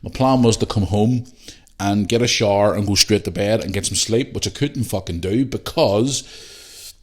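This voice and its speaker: A man's voice: lowish voice, moderate pace, a little mellow. A middle-aged Northern Irish man hosting a podcast, telling a rambling, sweary story and talking to his listeners as guys. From Northern Ireland. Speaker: podcast host. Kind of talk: casual storytelling chat.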